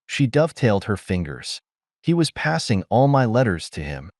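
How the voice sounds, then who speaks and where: Earnest young college girl, plain talker, lively ups and downs, as a guy reads her in an audiobook, dry close sound. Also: lowish voice, normal speed, no room sound. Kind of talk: audiobook character voice.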